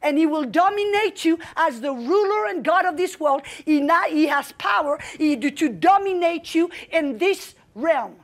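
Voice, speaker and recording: A woman's voice: extremely high pitch, lively intonation, moderate pace, few pauses. A middle-aged woman preaching a sermon, telling a story with fervent emphasis and commanding outbursts. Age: young adult in 1994, now middle-aged.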